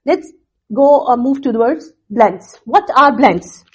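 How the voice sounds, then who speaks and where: A woman teacher explaining phonics to students in a recorded lesson, repeating points slowly with fillers. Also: a little high, animated, husky, highs cut off. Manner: slow, repetitive explaining with fillers.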